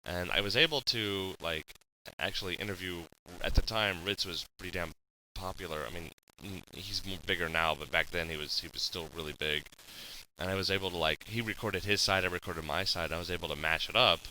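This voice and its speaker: A man's voice: low voice, fairly quick, bright, forceful tone, a little hiss or hum, low-quality recording. A man hosting a casual online group chat, talking loosely with jokes, stammers and restarts. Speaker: podcast host.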